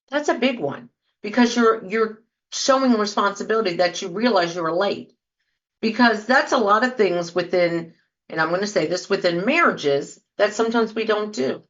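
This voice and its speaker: A woman's voice: mid-range voice, unhurried, fairly bright tone, muffled recording. A woman hosting a show, talking casually to her listeners and acting out example apologies as she goes. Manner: conversational, acts out sample apologies. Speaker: podcast host. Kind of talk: casual talk, speaking to listeners.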